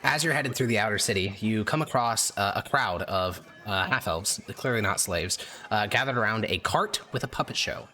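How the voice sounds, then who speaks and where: A man's voice: lowish voice, normal speed, hardly any pauses, sharp tone, faint music behind. A man narrating as dungeon master, meandering with many fillers. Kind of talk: narrating a tabletop game.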